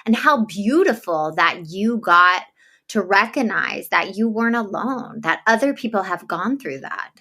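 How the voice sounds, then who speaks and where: A woman's voice: medium pitch, lively intonation, unhurried, sharp tone. A woman being interviewed about her podcast, answering in an earnest, chatty way and laughing easily. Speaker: podcast host as guest. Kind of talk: casual conversational interview.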